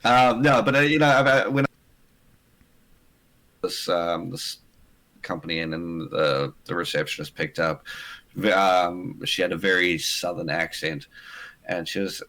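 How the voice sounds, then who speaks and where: A man's voice: low voice, unhurried, long pauses, sharp tone, low-quality recording. A man with a South African accent, chatting as a guest on a stream, often hesitating and restarting his sentences between laughs. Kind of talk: casual chat on a stream.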